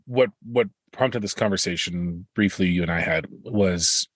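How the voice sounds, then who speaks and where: Brief: forties male podcast co-host, low husky voice, deadpan teasing, dry close mic. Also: a little slow, no echo. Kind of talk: casual chat.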